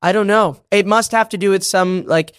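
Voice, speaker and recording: With a high-pitched, fairly bright voice that's clear and resonant, a young stage actor from Boston chats as a podcast guest at normal speed. His slight Boston accent comes through amid frequent laughter, fillers and restarts in this casual interview. There's no room sound, just clean studio audio.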